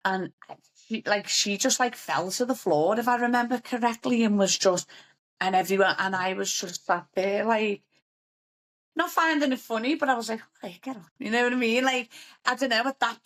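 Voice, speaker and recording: A young woman with a notably low voice speaks straight to the camera, sharing her own story. She talks in a loose, chatty way, full of fillers and restarts, and stays open and candid throughout. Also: a bit bright. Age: young adult. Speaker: vlogger.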